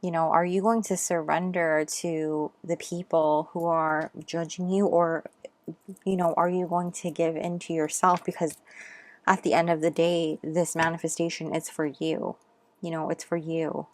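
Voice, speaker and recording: A woman's voice: deep voice, level tone, moderate pace, no room sound. Breathless woman giving a chatty tarot reading. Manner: chatty, rambling, full of fillers. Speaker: tarot reader. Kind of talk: casual intuitive tarot reading.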